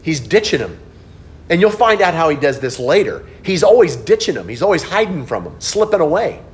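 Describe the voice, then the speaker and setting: A middle-aged man preaching a sermon as pastor, telling stories and swinging between hushed, low passages and animated outbursts. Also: a little fast.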